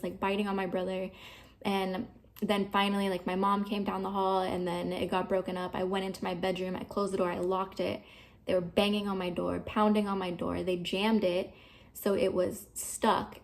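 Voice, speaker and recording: A woman in her twenties talking candidly to the camera about something that happened to her, swearing freely and using a lot of fillers. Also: mid-range voice. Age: 20s. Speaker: vlogger. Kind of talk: personal storytelling to camera.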